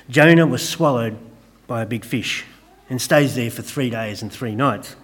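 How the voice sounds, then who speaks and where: Gentle preacher man. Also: mid-range voice. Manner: gentle, conversational preaching with light humor; soft, hushed prayer. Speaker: pastor. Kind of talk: sermon.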